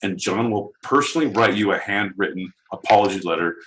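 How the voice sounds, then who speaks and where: A man's voice: on the low side, fairly quick, slight background noise. Joking man podcast co-host. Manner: jokey, crude, animated. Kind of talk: casual chat.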